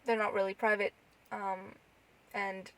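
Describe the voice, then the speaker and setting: A woman's voice: medium pitch, flat delivery, measured pace, a bit bright, poor audio. A woman co-hosting a podcast, chatting casually and rambling with lots of restarts and fillers. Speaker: podcast co-host. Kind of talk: casual chat.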